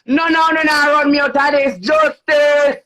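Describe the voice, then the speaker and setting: Bright high-voiced Jamaican man shouting. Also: little pitch movement, brisk. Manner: defiant, shouting, cursing patois rant. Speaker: vlogger. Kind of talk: heated live rant.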